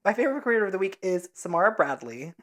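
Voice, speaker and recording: A woman's voice: mid-range voice, big pitch swings, fast, fairly bright tone. A woman hosting a casual podcast, jokey and crude, poking fun at herself. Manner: jokey, crude, self-mocking. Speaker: podcast host. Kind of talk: casual chat.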